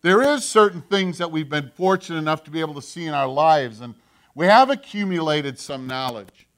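A male pastor preaching a sermon, animated, acting out the voices he quotes. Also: fairly high pitch, a little fast.

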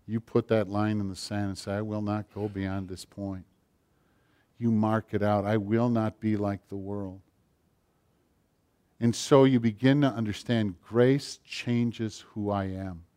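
A middle-aged man preaching a sermon, rising to loud passages and dropping to near-whispers. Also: lowish voice, steady tone, unhurried, clear, resonant tone. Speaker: pastor.

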